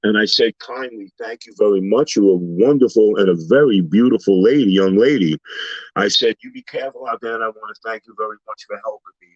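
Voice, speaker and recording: A man on a talk panel, telling everyday stories in a casual, animated way and acting out the people he quotes. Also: fairly low pitch, brisk, dry recording. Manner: animated storyteller, acts out quoted voices. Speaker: panel guest. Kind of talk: casual storytelling chat. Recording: slightly dull lo-fi sound.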